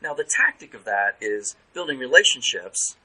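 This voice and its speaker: A man speaking as a guest consultant in a casual podcast interview, lively and acting out phone calls in quoted voices. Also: mid-range voice, normal speed, rough recording.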